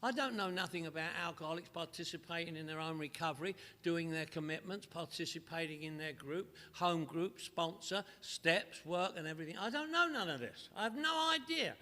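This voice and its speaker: A middle-aged man from northwest London, speaking with a London accent, gives a humorous recovery talk as an AA speaker, telling his story with comic repetition. His voice is a little high and sharp in tone, a little fast with hardly any pauses, and echoey hall reverb fills the meeting hall recording.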